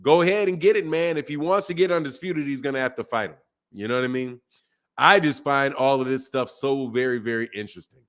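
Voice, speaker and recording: A man's voice: medium pitch, brisk, a bit bright. A man hosting a boxing channel, casually chatting on a live stream and reading viewer comments, repeating phrases as he goes.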